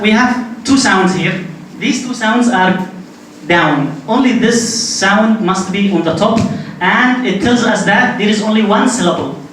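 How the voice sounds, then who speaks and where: Echoey, distant male lecturer, high voice. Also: fairly bright tone. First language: Arabic. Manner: explains step by step, repeats key points. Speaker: linguistics lecturer. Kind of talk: classroom lecture at a board. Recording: very echoey room, distant mic, faint noise.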